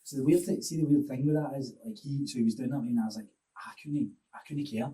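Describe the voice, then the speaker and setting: A man's voice: mid-range voice, rapid-fire, mellow, recorded from a distance, rough recording. A man, a fitness coach and podcast guest, telling stories in a reflective, rambling way. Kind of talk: casual podcast chat.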